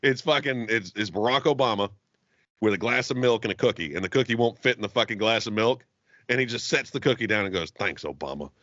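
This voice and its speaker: A man co-hosting a podcast in casual chat, animated and profane, laughing often. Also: medium pitch, quick pace, no echo, muffled recording. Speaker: podcast co-host.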